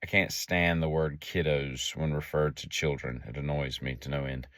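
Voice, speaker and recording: A man's voice: very deep voice, level tone, normal speed, a bit bright, no echo. A man telling a story in a casual monologue, sarcastic and dry in his asides. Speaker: vlogger.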